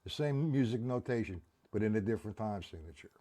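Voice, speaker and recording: A man's voice: on the low side, lively intonation, quick pace, dark tone. A man teaching a live-streamed drum lesson, counting beats aloud and checking in with viewers.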